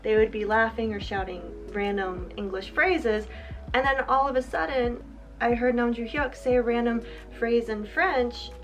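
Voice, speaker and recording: A woman telling a lively story as a guest in a casual chat, acting out quotes with laughs. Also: on the high side, moderate pace, soft background music, rough recording. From half American, half German. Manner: animated, acts out quotes, laughs often. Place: at home.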